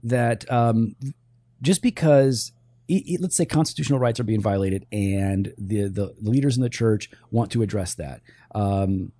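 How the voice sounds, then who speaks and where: A man co-hosting a church talk show, answering listener questions in a casual discussion, animated and thinking aloud with restarts. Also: fairly low pitch, measured pace.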